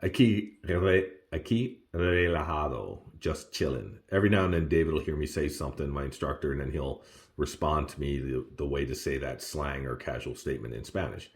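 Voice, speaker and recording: A man with an extremely deep voice talks through his beginner study notes in a relaxed, self-recorded way. He laughs often and jumps up in pitch when he exclaims. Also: a little fast. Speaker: language learner sharing study notes. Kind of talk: casual self-recorded lesson.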